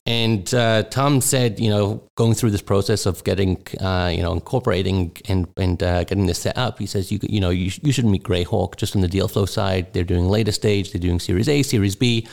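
A man's voice: low voice, normal speed, creaky, few pauses, a little mellow. A middle-aged man from England, a guest investor answering interview questions in a rambling way with many fillers. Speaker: guest venture capital partner.

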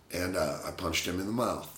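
A man's voice: low-pitched, a little slow. A man, a former baseball catcher, telling stories from his career in a casual interview and laughing often. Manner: animated anecdote teller, laughs often. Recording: roomy echo.

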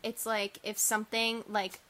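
Speaking at a medium pitch and an unhurried pace, a young woman co-hosts a laid-back podcast conversation. Her storytelling is lively and exaggerated, and she giggles often.

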